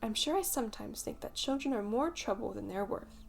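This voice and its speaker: Woman doing a prim bossy little mother, scolding, storybook voice, a touch high. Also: animated, a little fast, gravelly, faint music behind. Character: motherly bossy girl playing mother to boys.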